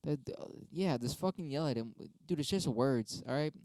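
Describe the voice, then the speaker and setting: A man's voice: on the high side, expressive, normal speed, mellow, dry recording. A young man talking casually on a stream, arguing both sides of debate prompts with himself in a rambling, profane way. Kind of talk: casual solo monologue.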